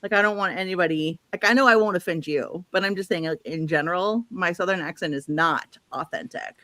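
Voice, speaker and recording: A woman's voice: on the low side, a little fast, bright, forceful tone, no room sound. A woman from the Midwest hosting a casual book livestream, chatty and laughing often as she reads out viewer comments. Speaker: host.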